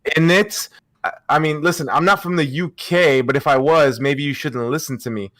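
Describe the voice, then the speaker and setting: A man's voice: on the high side, fairly quick, fairly bright tone, no echo, clean studio sound. A man on a podcast panel, trash-talking and joking casually over a remote call. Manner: joking trash talk, playful boasting. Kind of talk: casual chat.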